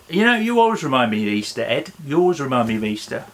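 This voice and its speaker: A man's voice: medium pitch, big pitch swings, fast talker, hardly any pauses, fairly bright tone. A man presenting a playful children's talk in an online church service, upbeat and joking as he banters with a silent puppet. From England.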